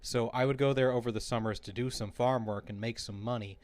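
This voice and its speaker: A man co-hosting a casual gaming podcast, an animated storyteller who laughs his way through his own anecdotes. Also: mid-range voice, brisk. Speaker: podcast co-host. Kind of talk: casual chat.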